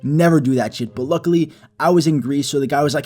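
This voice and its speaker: A young man narrating a comedic story in a profane, animated, self-mocking way. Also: fairly high pitch, quick pace, few pauses. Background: soft background music.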